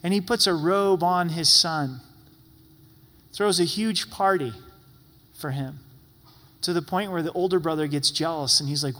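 A man's voice: fairly high pitch, measured pace, long pauses, fairly bright tone, in a large hall. A man preaching a sermon as pastor in a church sanctuary, talking in an earnest, pleading, conversational way.

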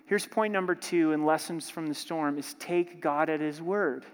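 A man's voice: fairly high pitch, moderate pace. A man preaching a sermon as pastor, emphatic and dramatic, acting out prayers and joking with the congregation. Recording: long hall reverb.

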